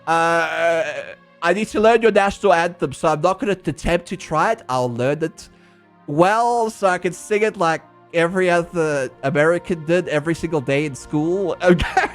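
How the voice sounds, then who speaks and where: A man's voice: on the high side, normal speed, faint music behind. A young South African man streaming a game, ranting in casual, profane, laughing chat. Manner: animated, profane, laughing rants.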